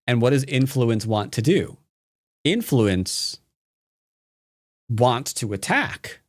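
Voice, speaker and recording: With a medium pitch, big swings in intonation, and a slow pace, an American man streams a live Go lesson. The recording is dry and studio quality; he chats playfully, jokes with viewers, and rambles, full of fillers and false starts.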